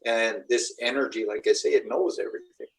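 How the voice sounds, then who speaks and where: A man's voice: medium pitch, a little fast, gravelly, distant mic, slight background noise, low-quality recording. A middle-aged man, a shaman and spiritual teacher, giving a rambling, earnest talk to a live group. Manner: rambling, earnest storytelling with acted-out quotes.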